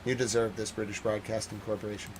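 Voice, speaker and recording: A man reporting on a war from a livestream, ranting in exasperation and then reading a measured formal report. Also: on the low side, flat delivery, slight background noise. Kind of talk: livestream news commentary.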